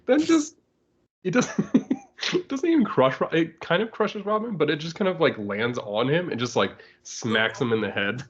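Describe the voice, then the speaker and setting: A man chatting casually as podcast host, laughing often as he rambles through a story recap. His pitch sits in the middle, and the recording sounds a little dull. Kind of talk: casual comic-book discussion.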